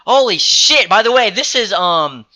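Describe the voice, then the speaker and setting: A teenage boy with a high, very bright, sharp voice rambles through a story for his vlog. He swears constantly and talks with restless excitement. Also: measured pace. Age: teens. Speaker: vlogger. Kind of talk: casual storytelling to camera.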